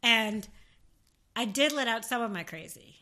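Bright-voiced joking woman podcaster. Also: on the high side, animated, unhurried. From New Jersey. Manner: candid, joking, swears freely. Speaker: podcast co-host. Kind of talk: casual podcast chat.

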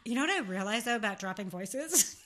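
A woman's voice: medium pitch, expressive, brisk, a bit bright. A woman from New Jersey co-hosting a podcast, chatting candidly and joking with frequent swearing. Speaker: podcast co-host. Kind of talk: casual podcast chat.

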